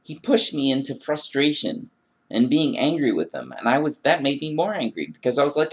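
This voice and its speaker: A man's voice: mid-range voice, very animated, fairly quick. A man delivering an earnest, emphatic monologue about faith and frustration, acting out his own prayers. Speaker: video blogger. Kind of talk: religious rant monologue.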